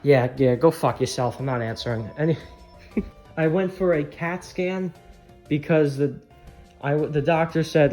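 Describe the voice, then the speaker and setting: A man's voice: a little high, measured pace, darkish tone, faint music behind. A man rambling candidly in a casual vlog, swearing often, his voice strained. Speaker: channel creator.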